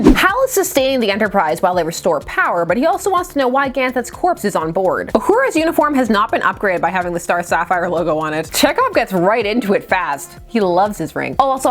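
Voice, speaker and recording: Sarcastic woman gushing over comics. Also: mid-range voice. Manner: sarcastic, nerdy, enthusiastic asides. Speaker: comic book reviewer. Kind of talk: casual commentary.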